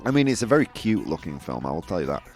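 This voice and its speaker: A man hosts a live-stream chat show, and his voice swings widely in pitch as he gets worked up. He keeps things provocative with teasing asides and frequent laughter. Faint music sits quietly behind him. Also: big pitch swings, quick pace. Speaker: host.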